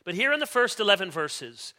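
A man preaching an expository sermon in a high, bright, ringing voice. He reads scripture aloud with rising intensity and leans hard on key words. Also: big pitch swings. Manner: emphatic, pushes key words louder and slower. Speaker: pastor.

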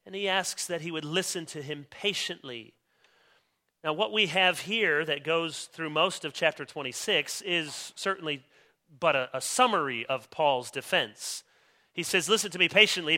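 A man preaching an expository sermon as pastor, reading scripture aloud and stressing key words with emphatic, slowed delivery. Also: on the high side, bright, forceful tone. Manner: reads scripture aloud with rising intensity.

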